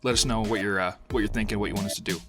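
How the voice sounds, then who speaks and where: A man's voice: on the low side, fairly even intonation, racing, music in the background. A young man co-hosting a podcast, easygoing and chatty, often trailing off with fillers and laughing. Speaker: podcast co-host. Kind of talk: casual chat.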